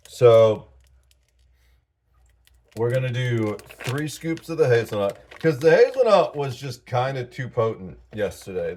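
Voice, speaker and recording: A sleep-deprived man in a casual vlog, talking in a halting, rambling way and short of breath. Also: mid-range voice, a little mellow. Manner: rambling, halting, with fillers and laughs. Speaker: vlogger.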